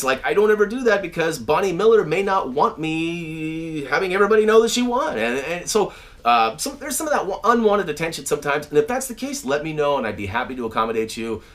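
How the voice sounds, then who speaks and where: A man's voice: on the high side, fairly quick. A man hosting his own channel from home, chatting casually to viewers with plenty of fillers and restarts. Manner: animated and chatty, many fillers and restarts, shouts out names. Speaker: channel host. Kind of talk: casual video update to viewers. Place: at home, indoors.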